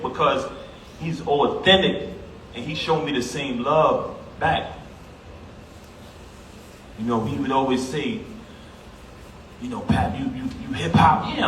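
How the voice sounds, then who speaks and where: A man's voice: on the high side, moderate pace, pauses often, fairly bright tone. A man giving a heartfelt eulogy at a funeral, speaking emphatically and conversationally, addressing the crowd directly. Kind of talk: heartfelt public eulogy speech. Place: funeral service hall. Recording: echoey hall, voice from a distance, background noise.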